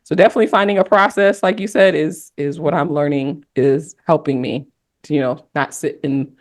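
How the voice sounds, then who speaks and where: A woman's voice: low-pitched, fairly even intonation, moderate pace. Candid woman telling a personal story. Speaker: podcast panelist. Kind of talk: casual podcast conversation.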